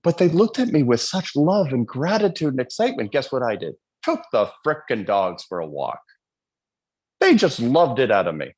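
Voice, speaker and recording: A man's voice: medium pitch, wildly swooping pitch, moderate pace, a little mellow, breathy edge. A man giving a live motivational speech in a fervent way, often asking the audience questions and acting out quotes in changed voices. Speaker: motivational speaker.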